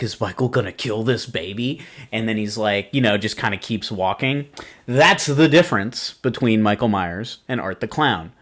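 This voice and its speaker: A man hosting a podcast, rambling through a casual movie review with lots of fillers, laughs and swearing. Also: mid-range voice. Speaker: podcast host.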